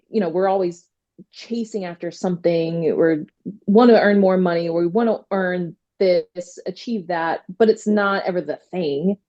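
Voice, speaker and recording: Animated woman with a low, dark voice. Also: muffled recording. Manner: animated, quotes herself, many "like" fillers. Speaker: trademark attorney guest. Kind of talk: casual storytelling interview.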